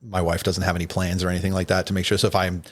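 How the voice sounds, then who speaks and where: A man with a fairly low voice, a doctor sitting in as a podcast guest. He talks in a relaxed, easy way, stumbling through restarts and fillers as he explains. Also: rapid-fire, husky. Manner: laid-back, explains with frequent restarts and fillers. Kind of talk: casual podcast chat.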